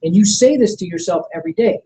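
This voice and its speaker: A middle-aged man leading a motivational sales training seminar. He coaches with energy, keeps checking that the room is following, and acts out sample pitches. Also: quick pace, warm tone, slight background noise, poor audio. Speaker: network marketing trainer.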